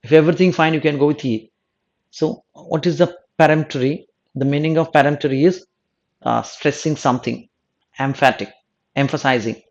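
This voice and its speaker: In a muffled recording, a South Indian man whose voice is a little high goes over test answers at a moderate pace as an exam coach. He keeps repeating himself, rephrasing partway through sentences and asking "no?".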